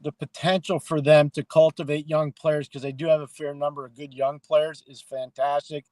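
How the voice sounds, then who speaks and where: Animated middle-aged man analyzing hockey. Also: fairly high pitch, moderate pace, dry recording. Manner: animated storyteller, acts out quoted people. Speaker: hockey analyst and podcast co-host. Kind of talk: casual podcast talk.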